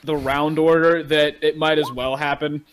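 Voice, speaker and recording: A man's voice: fairly high pitch, flat delivery, moderate pace, slight background noise. A man running a tabletop game as game master over an online voice call, narrating casually, laughing and swearing freely.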